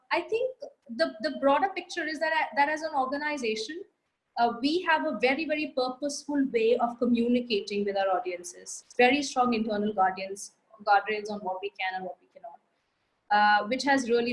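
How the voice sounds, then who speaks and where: A high-pitched woman with an Indian English accent answers audience questions. She talks in a brisk, confident way and sets out her points in order. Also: rough recording. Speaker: marketing guest speaker. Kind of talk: live Q&A answer.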